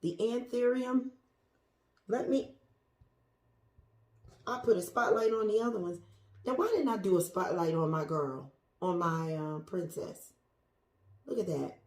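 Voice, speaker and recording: A woman's voice: medium pitch, measured pace, long pauses, darkish tone. A woman in a plain middle voice, gushing over her houseplants in a loose, chatty way and talking straight to her viewers. At times she drops to a whisper. The sound is echoey, as if recorded in a bare room. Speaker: plant vlogger. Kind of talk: casual show-and-tell to viewers. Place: indoors among houseplants.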